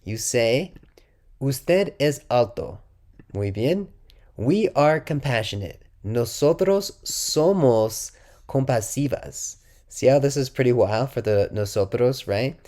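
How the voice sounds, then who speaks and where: A man teaching a casual video language lesson, encouraging and upbeat, who reads his example sentences slowly and carefully and often clears his throat. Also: medium pitch, dark tone. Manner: encouraging, says "muy bien" and "awesome" after each example. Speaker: Spanish teacher.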